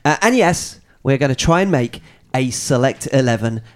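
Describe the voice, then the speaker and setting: A man's voice: medium pitch, lively intonation, normal speed. A man hosting a podcast and chatting casually with friends, with a joking, teasing manner as he runs the show. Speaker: podcast host. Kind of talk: casual chat among friends.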